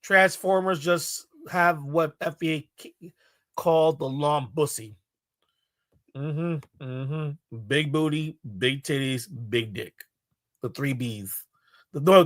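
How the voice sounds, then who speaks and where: A man's voice: a little high, slow pace, no echo, studio quality. A man giving casual reaction commentary in a blunt, mocking, exasperated way.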